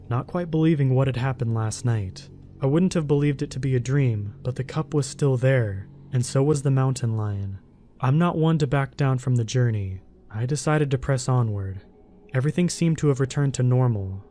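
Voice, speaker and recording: A man telling a first-person horror story in a calm, steady narrating voice. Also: mid-range voice.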